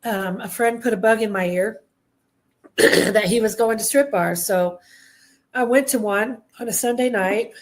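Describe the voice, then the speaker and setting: Candid woman guest, halting testimony. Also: fairly high pitch. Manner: candid, halting, frequent throat-clearing. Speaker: guest, Army veteran. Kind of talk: personal testimony in conversation.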